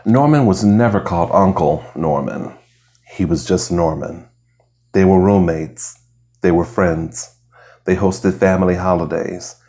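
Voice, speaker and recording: A man reading essays aloud in a soft ASMR style, hushed and slow, sometimes slipping into a whisper. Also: sits low. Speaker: reader. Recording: lo-fi home recording.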